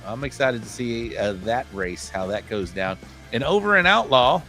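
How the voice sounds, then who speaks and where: A man's voice: medium pitch, animated, moderate pace, bright, forceful tone, faint music behind. A man hosting a live online show, reading out a list of upcoming events in a rambling, self-correcting way. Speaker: podcast host.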